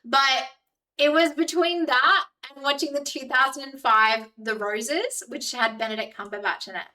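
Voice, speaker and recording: Australian woman streamer, chatty rambling delivery, bright and high-ish, mic set back. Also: normal speed, far from the mic, low-quality recording. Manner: chatty, rambling, heavy use of "like". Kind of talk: casual live-stream chat.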